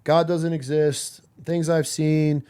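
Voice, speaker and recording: A man's voice: fairly high pitch, flat delivery, takes it slowly, mellow, clean tone. A man hosting a podcast, talking bluntly in casual slang. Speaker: podcast host.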